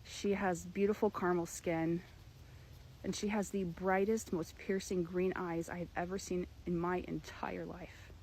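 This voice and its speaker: A young woman earnestly telling a personal story, with emphatic, dramatic pauses. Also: fairly low pitch, little pitch movement, darkish tone, slight background noise, poor audio. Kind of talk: personal story told to camera.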